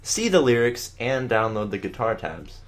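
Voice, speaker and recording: A man's voice: medium pitch, big pitch swings, normal speed. A man co-hosting a podcast in casual chat, teasing with dry jokes. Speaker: podcast co-host.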